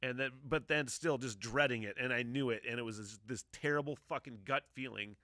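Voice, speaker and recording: A man in his forties rants on his own podcast in a loose, rambling way. His voice is bright and forceful, recorded close and dry. He swears freely and lets out heavy sighs between thoughts. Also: medium pitch, brisk, no room sound. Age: 40s. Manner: profane, emotional, sighing often. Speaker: podcast host. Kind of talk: casual rambling monologue.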